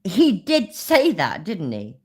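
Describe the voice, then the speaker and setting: A woman's voice: lowish voice, wildly swooping pitch, slow, husky. A woman giving casual reaction commentary, laughing and swearing bluntly as she talks. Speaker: reaction channel host.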